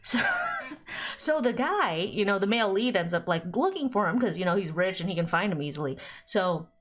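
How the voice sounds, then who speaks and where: Young female streamer, rambling and giggly, animated sing-song delivery. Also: normal speed. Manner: giggly, rambling, often breaks into high laughter. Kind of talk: let's play commentary, reading game dialogue aloud.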